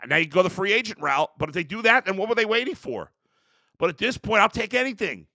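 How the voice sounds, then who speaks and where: A man's voice: sits high, sing-song, fast, creaky, bright, forceful tone, no room sound, studio quality. A man hosting a sports show, ranting in a heated, exasperated way about his team. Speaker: sports talk host. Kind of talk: sports rant.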